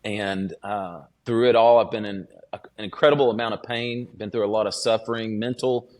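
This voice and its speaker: A man with a fairly low voice tells his story as a podcast guest. He is earnest and unpolished, pausing and restarting with frequent fillers as he recalls what happened. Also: fairly even intonation. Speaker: student pastor, podcast guest. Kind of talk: personal testimony in a podcast interview.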